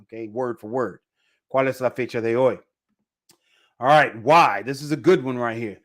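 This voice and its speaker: A man teaching a casual live online Spanish lesson, repeating phrases slowly for pronunciation. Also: mid-range voice.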